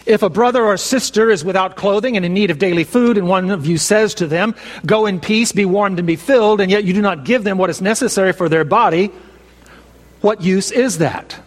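A man preaching a sermon, measured and emphatic, slowing down to stress key phrases. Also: sits high. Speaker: pastor. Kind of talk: expository sermon. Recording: long reverb of a large hall.

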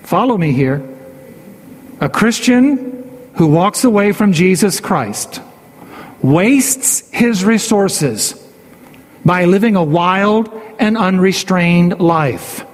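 High-voiced emphatic preacher in reverb. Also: male voice, animated, takes it slowly. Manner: emphatic, repeats key phrases, voice rises and falls widely. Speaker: pastor. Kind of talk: sermon.

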